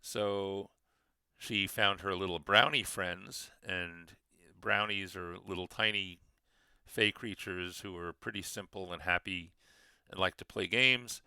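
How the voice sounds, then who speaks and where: Bright, gravelly game master explaining. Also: male voice, low-pitched, steady tone, takes it slowly, dry recording. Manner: rambling, frequent restarts and fillers. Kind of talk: explaining adventure design.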